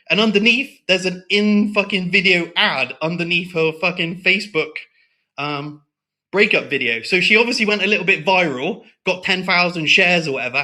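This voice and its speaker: A man's voice: high voice, bright, forceful tone. A man talking as a guest in a casual interview, heated and blunt, swearing often and tagging lines with "right?".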